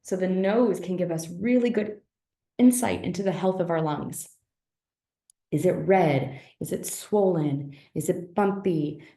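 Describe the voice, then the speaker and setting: A woman with a fairly low voice gives a relaxed health lesson and keeps checking in with her listeners. Her talk is chatty and full of questions. The sound carries a noticeable room echo. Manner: conversational, asks rhetorical questions, frequent "right?". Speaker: naturopathic teacher. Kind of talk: online health lecture. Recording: roomy echo.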